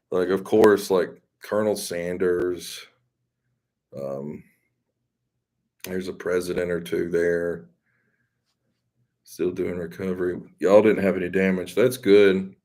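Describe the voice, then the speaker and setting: A Southern man with a deep, low voice chats loosely with his viewers. He rambles and jokes at his own expense in an easygoing, folksy way. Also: darkish tone. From Mississippi. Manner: rambling, folksy, self-deprecating. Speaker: live stream host. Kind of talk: casual chat with viewers.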